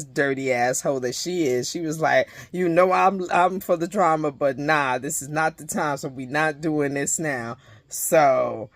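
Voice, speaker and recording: A woman's voice: low-pitched, dry recording. A woman giving a casual, profane recap of a reality show episode, retelling scenes animatedly with many restarts. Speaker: reality TV reviewer.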